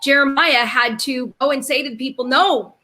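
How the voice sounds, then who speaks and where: A woman co-hosting a faith talk show, speaking in an animated, emphatic way. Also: high voice, fairly quick. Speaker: co-host.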